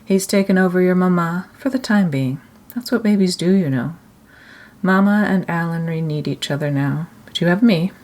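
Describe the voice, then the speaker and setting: A woman voicing a kind, patient nurse who murmurs softly and reassures a child in a storybook reading. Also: fairly low pitch, normal speed, lightly acted. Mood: soothing.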